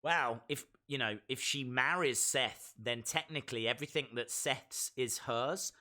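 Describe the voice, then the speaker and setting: A man's voice: medium pitch, a little slow, sharp tone. A man hosting a casual live reaction stream of a wrestling show, playfully repeating phrases and reading out viewers' chat.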